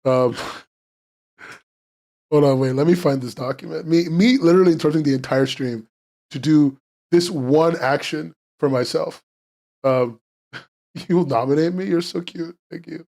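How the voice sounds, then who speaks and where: A male podcast host chatting on a live stream in a slightly high voice. He rambles, curses freely and gets worked up quickly while answering his chat. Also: gravelly. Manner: excitable, profane and rambling, reacting to chat. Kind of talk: casual livestream chat.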